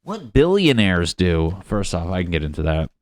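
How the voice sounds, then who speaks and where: A young man talks alone on his comedy podcast from his apartment. His voice is low and the sound is dry and close, with no room around it. He rambles, swears freely and pokes fun at himself. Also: big pitch swings, normal speed, dry recording. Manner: profane, self-deprecating, rambling. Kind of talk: rambling solo podcast monologue.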